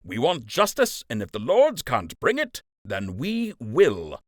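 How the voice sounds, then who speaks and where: A man voicing an angry, surly male rabbit soldier captain who speaks coldly and shouts. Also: mid-range voice, wildly swooping pitch, unhurried, no room sound, studio quality, pitched above the performer's own voice. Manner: cold, seething, shouting.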